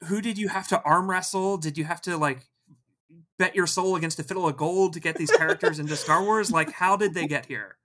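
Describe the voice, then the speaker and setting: Bright-toned host, excitable and gushing, casual chat. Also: mid-range voice, brisk. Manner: enthusiastic, gushing.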